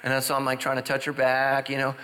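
Animated joking pastor in a big hall. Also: male voice, a little fast, slight background noise. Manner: animated, jumps into loud high exclamations and drops to hushed confessions. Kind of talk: humorous sermon with storytelling.

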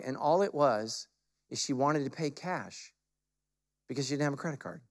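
A male pastor preaching a sermon, moving from casual storytelling to forceful, emphatic exhortation. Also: medium pitch, normal speed.

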